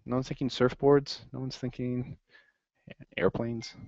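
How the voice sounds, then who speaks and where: A man teaching an accounting class in a lively classroom lecture, quizzing students as he goes. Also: medium pitch, unhurried, dry recording. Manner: upbeat, asks the class questions. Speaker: accounting instructor. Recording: dry, dull lo-fi classroom recording.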